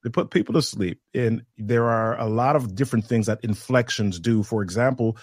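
Low-voiced man explaining with measured pauses. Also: husky, dry recording, clean studio sound. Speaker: guest, communication trainer. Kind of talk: instructive podcast conversation.

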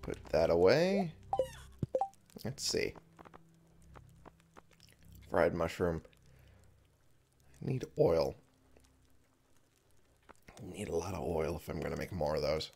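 A drowsy man talks through his game session with a deep voice that still rises and falls a lot. He muses aloud at an easy, slow pace, chuckling now and then. Soft game music plays faintly behind him. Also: lively intonation, gravelly, slight background noise. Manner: chatty, thinks aloud, chuckles often. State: sleepy, yawning. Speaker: let's play gamer. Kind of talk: casual gameplay commentary.

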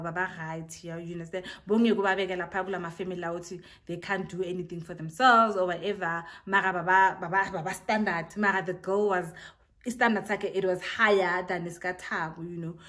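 A young South African woman with a lively accent tells a casual storytime, acting out what others said and mixing in local slang. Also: lowish voice. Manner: animated, acts out quotes, mixes in local slang. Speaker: vlogger.

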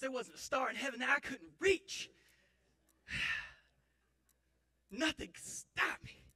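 High, bright-voiced goofball from a man rambling on a church stage, swings wildly up and down. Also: heavily acted. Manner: rambling, self-mocking, theatrical outbursts. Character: clumsy boastful young man, injured, comic. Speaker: actor in a church Christmas skit. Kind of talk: comic stage monologue. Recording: live church audience.

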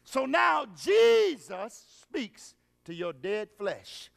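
A man preaching a revival sermon as an evangelist, with call-and-response questions to the congregation, drawn-out phrasing and bursts of shouting. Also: very high voice, wildly swooping pitch, gravelly, long reverb tail. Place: large revival hall.

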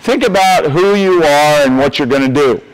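An older American man addresses a coaches clinic at a moderate pace, his slightly high voice clear and resonant despite a low-quality recording. His motivational coaching style is emphatic and folksy, and he repeats key points to make them stick.

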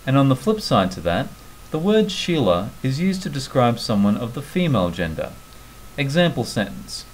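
A man's voice: medium pitch, sing-song, moderate pace, a little hiss or hum, poor audio. A man with an Australian accent narrating an explanatory video in a friendly, enthusiastic, instructive manner. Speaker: vlogger.

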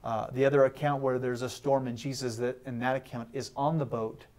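A man giving a short, animated sermon as a guest, acting out the voices in the story with humor. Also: mid-range voice, a little fast. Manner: animated, acts out Bible voices and jokes. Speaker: guest pastor. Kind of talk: short sermon on a talk show.

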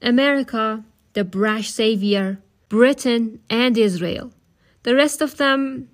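Storybook figure: an opinionated, scornful middle-aged dad, read by a woman with a higher lift to her own voice. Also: takes it slowly. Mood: lecturing. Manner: scornful, lecturing. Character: blustering opinionated middle-aged immigrant father.

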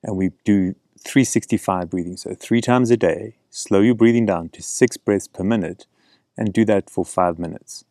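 Calm deep-voiced man teaching breathing. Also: moderate pace, dry recording, clean studio sound. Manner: calm, gentle, encouraging. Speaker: breathing coach. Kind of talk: outdoor breathing instruction. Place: outdoors in a canyon.

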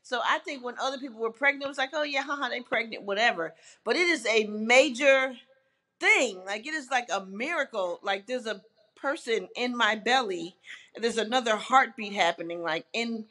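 Bright, blunt woman chatting candidly. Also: a little high, normal speed. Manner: blunt, swears, laughs often. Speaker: interview guest. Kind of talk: casual, candid chat.

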